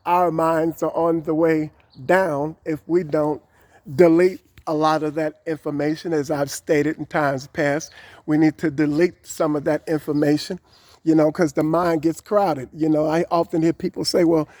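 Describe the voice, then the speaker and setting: A man's voice: fairly high pitch, level tone, normal speed, darkish tone, no echo. A man talking to camera in a rambling, encouraging way, with many fillers, recorded outdoors. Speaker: vlogger. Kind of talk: casual talk to camera.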